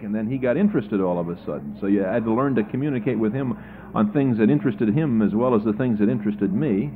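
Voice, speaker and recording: A man's voice: fairly low pitch, fast talker, slight background noise. Chatty male candidate on lo-fi radio. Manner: chatty storyteller, repeats words when starting sentences. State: tired. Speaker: political candidate. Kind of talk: radio interview answers. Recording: lo-fi archival radio interview.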